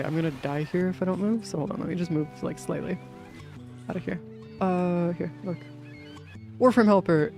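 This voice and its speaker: Casual live streamer, mid-pitched, rambling and filler-heavy, faint game music behind. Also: darkish tone. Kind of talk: casual gaming stream chat.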